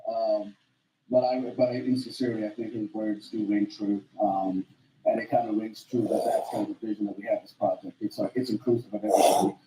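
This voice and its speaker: A man giving a halting, measured speech at a public event, thanking officials. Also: lowish voice, steady tone, warm tone. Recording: distant echoey room recording with faint noise.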